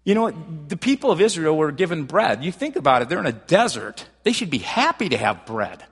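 A pastor preaching to his church in a casual, conversational way, often restarting his sentences before building to animated emphasis. His voice sits a little high for a man and has a breathy, husky edge. The sound rings out with the long reverb of a large hall. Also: fairly quick. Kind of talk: sermon.

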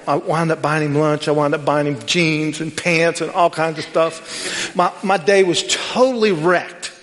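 A middle-aged man preaching a sermon, telling a personal story with lively quoted dialogue. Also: fairly high pitch. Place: church sanctuary. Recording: long hall reverb.

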